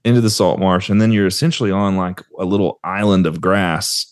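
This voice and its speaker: A man hosting a casual interview, leading the guest with relaxed, drawn-out prompts. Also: deep voice, no echo, clean studio sound. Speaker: podcast host.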